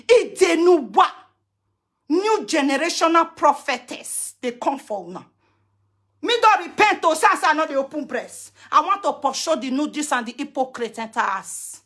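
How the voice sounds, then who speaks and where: Nigerian woman, high bright voice, hurls threats and curses in a live rant. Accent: Nigerian Pidgin. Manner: combative, cursing, threatening; switches into chanted curses. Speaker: social media personality.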